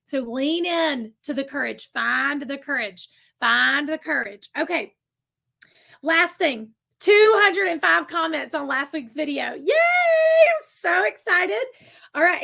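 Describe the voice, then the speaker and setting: A middle-aged woman hosting a motivational team video, energetic and preachy. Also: sits high, gravelly. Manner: energetic, preachy, calls out y'all. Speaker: sales director hosting a weekly team video. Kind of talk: motivational pep talk.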